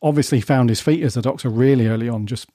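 Male podcast host from Britain, mellow and easygoing, leads the conversation. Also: mid-range voice, fast talker, no room sound, clean studio sound. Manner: relaxed, leads the discussion. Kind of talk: casual chat.

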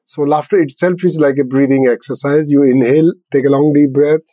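A man's voice: on the high side, fairly even intonation, brisk, mellow, no echo, poor audio. An older man, a guest on a podcast interview, who explains things simply and laughs often. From India. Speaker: laughter yoga founder, guest.

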